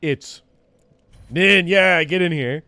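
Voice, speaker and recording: A man with a slightly raised voice is chatting over a game stream with friends. He laughs a lot and gets loud when the fight turns. His talk stays loose and casual. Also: a little high, slow, no room sound. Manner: laughs often, excitable outbursts. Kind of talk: casual gaming chat with friends.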